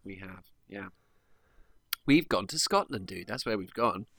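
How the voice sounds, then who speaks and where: A man's voice: deep voice, lively intonation, a little slow, vocal fry, fairly bright tone, no room sound, clean studio sound. A man co-hosting a casual film review chat, talking loosely with frequent laughs and restarted sentences. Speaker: podcast co-host.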